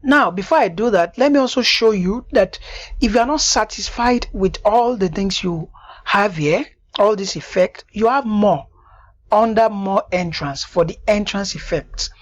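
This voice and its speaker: A woman giving a screen-recorded software tutorial, stopping often to check that the viewer understands. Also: mid-range voice, unhurried. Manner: repeatedly checks "do you understand that now?".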